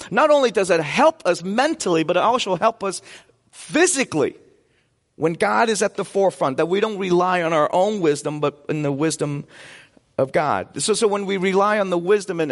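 A pastor preaching to his congregation, his voice set a little high for a man. He keeps it conversational and drops in jokes as he goes. The long reverb of the church sanctuary trails after every phrase. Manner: conversational, joking asides to the congregation. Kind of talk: sermon.

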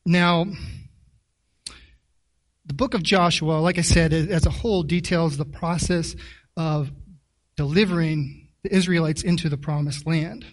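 A man's voice: fairly high pitch, fairly even intonation, far from the mic. A man preaching a sermon in a chatty way, often repeating words and asking the congregation questions. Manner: halting, with many repeated words; conversational, asks the audience questions.

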